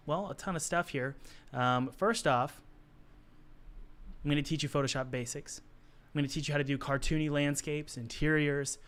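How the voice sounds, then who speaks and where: A man with a hoarse, worn voice, teaching art on a casual live stream, chatty and encouraging as he answers the chat while he works. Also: fairly high pitch, fairly bright tone. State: hoarse, losing his voice.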